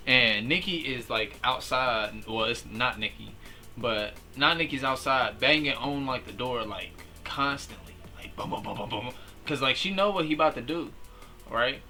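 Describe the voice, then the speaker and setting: Young man, slangy casual recap, bright forceful voice, fairly high, faint music behind. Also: unhurried. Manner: slangy, animated, many fillers. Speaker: movie reviewer.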